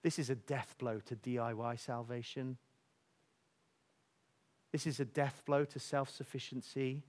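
A man preaching a sermon, telling stories with animated energy and dropping to soft near-whispers for emphasis. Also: mid-range voice, measured pace.

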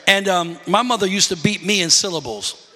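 A man's voice: sits high, moderate pace, pushed and bright, in a large hall. A man preaching a sermon, telling stories animatedly and calling out to his congregation. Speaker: pastor.

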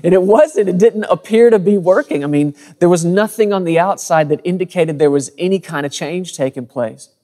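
An earnest man in his thirties delivers a conversational sermon, his slightly higher voice circling back on words as he builds each point. A long reverb trails behind him, as if he were in a large hall. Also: normal speed, hardly any pauses, dark tone. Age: 30s. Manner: earnest, conversational preaching with frequent word repeats. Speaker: pastor.

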